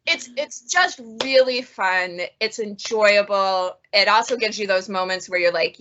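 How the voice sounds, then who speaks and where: A woman's voice: medium pitch, measured pace, hardly any pauses, fairly bright tone, highs cut off. A woman librarian chatting casually about funny books she has read, laughing often as she talks. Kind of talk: casual book review chat.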